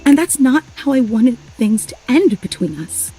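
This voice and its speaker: A woman's voice: on the high side, sing-song, normal speed, mellow, soft background music, low-quality recording. A woman voicing an overly emotional, clingy young female superfan in a video game, gushing and apologizing in a tearful rush.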